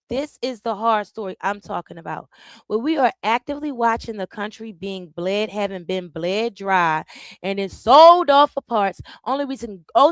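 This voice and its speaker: A woman hosting a casual live discussion, animated and repeating herself as she reacts and shares her screen. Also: medium pitch, dry recording. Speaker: host.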